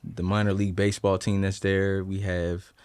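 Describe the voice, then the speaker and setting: A young man with a deep voice and a slight Southern drawl speaks in a relaxed, easygoing way. The sound is dry and close. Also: normal speed, smooth, dry recording. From Delaware, USA. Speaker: musician guest. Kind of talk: casual interview answers.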